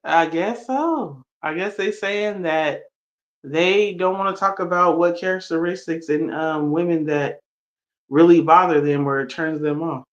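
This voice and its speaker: A man co-hosts a casual live podcast in a fairly high voice. He rambles loosely, with plenty of fillers. The audio is muffled and lo-fi. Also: a little slow. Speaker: podcast co-host. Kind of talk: casual live-stream chat.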